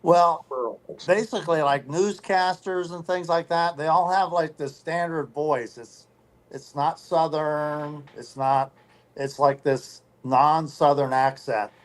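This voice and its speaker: A man's voice: a little high, steady tone, slow pace. A man on a comedy game show panel, talking hesitantly and searching for words as he explains his pick. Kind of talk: casual chat.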